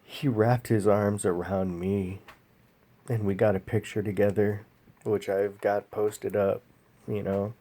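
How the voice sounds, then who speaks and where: A man tells a personal story straight to the camera, unhurried and halting. His voice is dark and gravelly, and it sits a little low. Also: fairly even intonation. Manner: slow, halting and emotional, with pauses and fillers. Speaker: vlogger.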